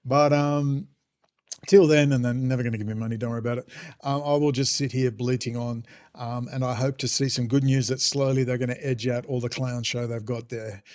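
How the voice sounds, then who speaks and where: A man's voice: medium pitch, fairly even intonation, fairly quick, a little mellow. A man ranting sarcastically in a monologue as podcast host. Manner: irreverent, sarcastic, mocking voices.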